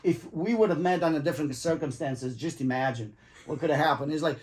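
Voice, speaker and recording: Guy telling a wild story, kinda high voice, swears a lot, acts out everybody's lines. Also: brisk. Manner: animated, swears freely, acts out quotes with laughs. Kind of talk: casual storytelling.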